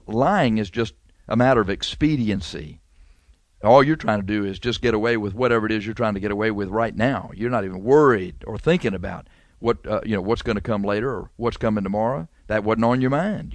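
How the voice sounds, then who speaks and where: A man preaching a radio sermon with fervor, repeating lines and climbing suddenly in pitch and volume. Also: no room sound.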